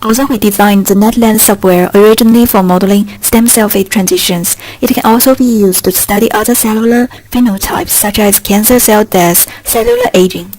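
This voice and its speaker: Woman, mid-range voice, scripted tutorial voice-over, even and methodical. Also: medium pitch, a little fast, few pauses, rough recording. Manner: steady, instructional, reads step by step. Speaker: software tutorial narrator. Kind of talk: scripted narration.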